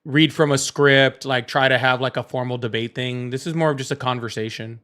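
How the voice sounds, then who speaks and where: A man's voice: mid-range voice, fairly even intonation, brisk, a bit bright. A man with a Southern American accent hosting a casual live call-in stream, blunt and teasing, often laughing.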